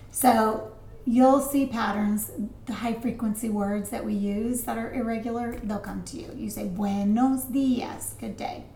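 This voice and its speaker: A woman teaching a recorded lesson, chatty and full of asides, slowing down to pronounce each vocabulary word. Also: a little high, mellow, roomy sound, a little hiss or hum. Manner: chatty, explains with asides and fillers; slows down to pronounce vocabulary words. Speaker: Spanish teacher.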